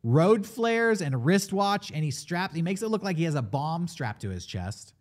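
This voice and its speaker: A man's voice: fairly high pitch, normal speed. A man talking casually on a movie podcast, eagerly retelling a plot and quoting the characters. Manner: animated, retells plot with quoted voices. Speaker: podcast co-host.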